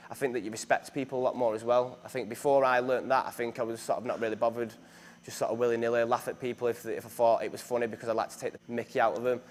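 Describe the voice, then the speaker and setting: A man's voice: medium pitch, level tone, fast talker. A young man, chatting casually in an interview, full of fillers and restarts. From northern England. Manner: chatty, self-deprecating, many fillers and restarts. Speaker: actor being interviewed.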